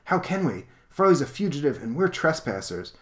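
Guy doing a teen hero team leader, bossy and keen, bit higher than his own voice. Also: sing-song, normal speed. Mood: commanding. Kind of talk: comic read aloud on a podcast.

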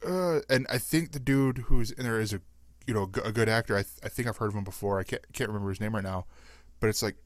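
A man hosting a podcast in casual chat, rambling and chatty and quick to laugh. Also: on the low side, no echo. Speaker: podcast host.

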